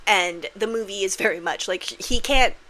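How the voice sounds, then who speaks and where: A woman's voice: medium pitch, moderate pace, bright, forceful tone, a little hiss or hum. A woman vlogging about manifestation in a casual, candid monologue, swearing freely and acting out scenes with big voices.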